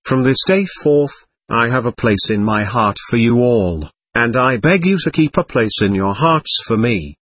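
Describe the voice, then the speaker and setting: A gentle, earnest young man speaks with heartfelt warmth to the boys around him, as a male narrator reads him. His voice is husky, and it rises and falls with feeling. The recording is dry and close. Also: medium pitch, expressive, moderate pace, hardly any pauses, no room sound. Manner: warm, heartfelt, pleading.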